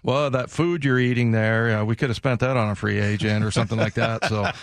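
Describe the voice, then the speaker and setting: A man's voice: lowish voice, steady tone, brisk, dry recording, studio quality. A man co-hosting a sports talk show, telling a teasing story about a colleague. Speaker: sports radio co-host. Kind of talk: sports talk radio banter.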